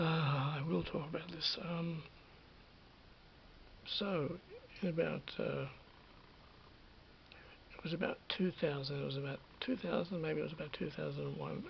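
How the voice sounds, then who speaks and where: Gravelly middle-aged man, rambling. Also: a little high, lo-fi sound, slight background noise. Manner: hesitant, self-correcting, drifts into whispers. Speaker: vlogger. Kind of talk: rambling personal anecdote.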